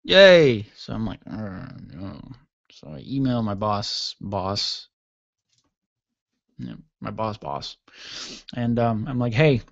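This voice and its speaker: A man's voice: on the low side, animated, slow, gravelly, long pauses, dry recording. A tired man hosting a radio show, telling a rambling, self-mocking story in a casual monologue. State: tired, yawning. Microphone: studio microphone. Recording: dull lo-fi dry sound.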